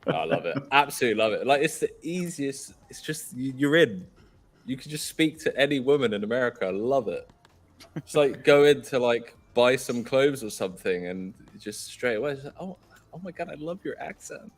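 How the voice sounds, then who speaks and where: A man's voice: medium pitch, lively intonation, normal speed. A man with an Australian accent doing live poker commentary, joking and teasing his co-hosts.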